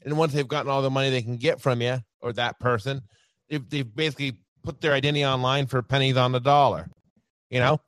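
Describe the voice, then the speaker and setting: A man appearing as a podcast guest, talking in an animated casual way, laughing often and tagging sentences with "right" and "you know". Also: medium pitch, fast, no echo. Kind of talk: casual chat.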